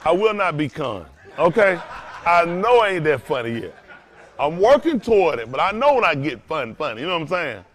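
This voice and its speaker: Preaching man, emphatic and loud. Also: a little high, very animated, normal speed, some chatter behind. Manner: loose, emphatic, rising to loud bursts. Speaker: pastor. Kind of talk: preaching to a congregation.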